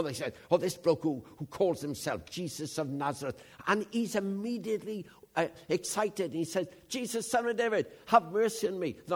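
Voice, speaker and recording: An older preacher in his seventies tells stories from the pulpit in a conversational, animated way. His voice is somewhat husky and sits a bit high for a man. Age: 70s. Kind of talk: sermon.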